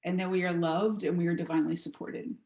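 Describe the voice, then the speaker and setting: A woman giving a heartfelt spiritual talk over a video call, telling a story gently before leading a meditation. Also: fairly low pitch, flat delivery, fast, echoey room. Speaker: guest speaker.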